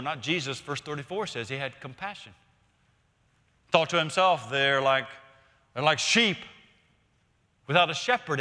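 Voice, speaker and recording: Bright-voiced preacher in a reverberant hall. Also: male voice, a little high. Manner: conversational, storytelling preaching with rhetorical questions. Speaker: pastor. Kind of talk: sermon.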